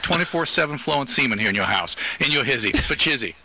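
A man's voice: mid-range voice, lively intonation, quick pace, a loud crowd, natural voice. A man putting on a brash, crude slang persona during a prank call played back from a tape. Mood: swaggering. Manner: boastful, slang-heavy, crude. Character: brash swaggering male street-talk persona. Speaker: radio co-host in a prank call. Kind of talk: put-on slang-heavy hip persona. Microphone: played back from a phone call tape.

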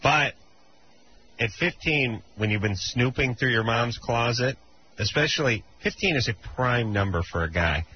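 A man hosts a late-night radio advice show in a mid-pitched voice, blunt and quick with crude jokes. The broadcast sound is muffled and dull, with a faint hiss under it. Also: lively intonation. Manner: blunt, wisecracking, crude humor. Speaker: radio call-in advice host. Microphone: studio broadcast mic.

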